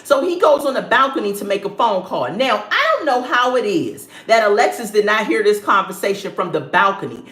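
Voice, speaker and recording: A woman's voice: mid-range voice, sing-song, a little fast, hardly any pauses, a bit bright. A young woman giving a casual, sassy review of a reality show. She laughs often and acts out the people she describes. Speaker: reality TV recap vlogger. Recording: roomy echo.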